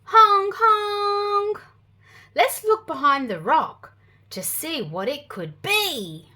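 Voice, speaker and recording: Reading picture books to children, this Australian woman speaks in a high voice and takes her time. Her delivery is lively, full of gasps and playful sound effects.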